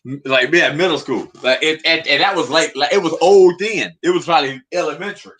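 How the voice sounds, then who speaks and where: A man jokes on an online panel in a teasing, profane way. His voice is bright and sharp, sitting somewhat high. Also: brisk. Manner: teasing, mock-hurt, profane. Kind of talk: casual panel chat.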